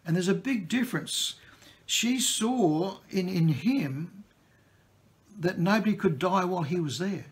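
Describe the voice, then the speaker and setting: A man's voice: sits high, expressive, unhurried. A man preaching a sermon in a plain-spoken, conversational teaching way.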